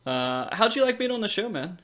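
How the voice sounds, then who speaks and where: A man's voice: high voice, very animated, brisk, a bit bright. A man from Tennessee hosting a podcast, laid-back, reading out listener questions with plenty of fillers. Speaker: podcast host. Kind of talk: casual podcast chat.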